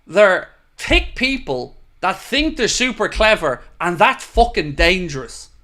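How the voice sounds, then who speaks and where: A man's voice: high-pitched, very animated, unhurried, sharp tone. A man hosting a live fan stream, reading viewer messages and answering them in a frustrated, emphatic way, swearing now and then. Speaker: fan channel host.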